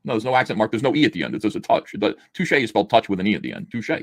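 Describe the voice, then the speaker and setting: A man's voice: on the low side, very animated, racing, dry recording. A man hosting a comic book review, chatting casually with sarcastic jokes and laughter, acting out the panels as he reads. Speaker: host reviewing comic books. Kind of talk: casual review chat, reading aloud.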